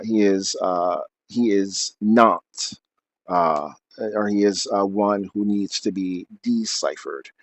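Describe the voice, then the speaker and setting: A man's voice: low voice, no echo. A man reading aloud from his book, then explaining at length off the cuff with many fillers and restarts.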